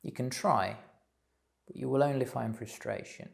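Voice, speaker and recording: A man giving a slow, thoughtful spiritual talk, pausing often with fillers. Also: medium pitch, creaky. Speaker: spiritual teacher. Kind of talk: reflective solo talk.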